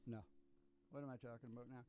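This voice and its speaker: A man's voice: medium pitch, level tone, fast talker. A man hosting a live music stream, chatting casually and jokily between songs. He rambles and trails off mid-thought. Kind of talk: casual chat between songs, playing guitar. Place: warehouse performance space. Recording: loud acoustic guitar under the voice.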